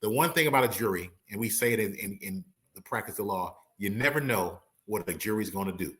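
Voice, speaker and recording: A man with a lowish, slightly bright, expressive voice speaks briskly as a guest on a casual legal analysis chat. The criminal and appellate attorney dissects a trial, dramatizing courtroom quotes and adding slangy asides.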